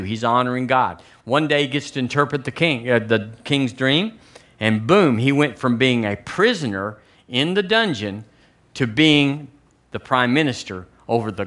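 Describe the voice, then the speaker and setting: Speaking in a mid-range, pushed and bright voice, this middle-aged Southern American pastor drives his sermon with slow, emphatic repetition. He urges the congregation to join in and say it with him.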